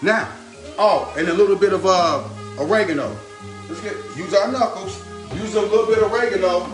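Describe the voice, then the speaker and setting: A man's voice: high voice, normal speed, distant mic. A man hosting his own cooking video, chatting through each step in an upbeat way and repeating a favorite catchphrase as he works at the stove. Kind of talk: casual cooking demonstration. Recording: roomy kitchen echo, mic set back, music underneath. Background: music and frying sizzle.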